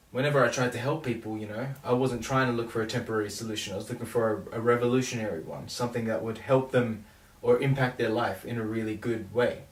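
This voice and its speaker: A young man with an Australian accent, talking casually and loosely about making his own song. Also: mid-range voice. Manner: relaxed, rambling, self-correcting. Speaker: songwriter and producer. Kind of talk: casual vlog talk. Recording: roomy echo, distant mic.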